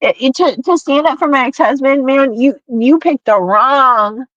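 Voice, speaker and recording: A woman's voice: sits high, a little slow, fairly bright tone, no echo, dull audio. A woman on a livestream call who pleads and repeats herself in a heated argument. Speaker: livestream guest.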